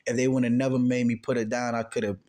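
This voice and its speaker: Man, casual storytelling, swearing, rambling, loud then quiet. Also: little pitch movement, quick pace. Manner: profane, rambling, swings from loud outbursts to low quiet recounting. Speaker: channel host answering questions.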